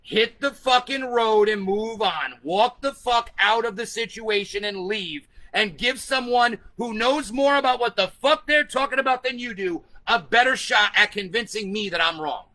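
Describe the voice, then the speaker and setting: A man with a high, very bright and cutting voice rants to the camera, swearing freely and hammering each point home. He moves between combative tirades and answering viewer comments in a vlog. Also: moderate pace, hardly any pauses, low-quality recording. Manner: profane, combative, emphatic. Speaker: vlogger. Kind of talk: ranting vlog, reading comments.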